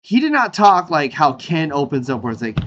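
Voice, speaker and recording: A brisk man with a voice on the high side hosts his own show, captured on dull-sounding audio. In an animated, rambling chat he leaps between topics, peppering his talk with fillers and laughter.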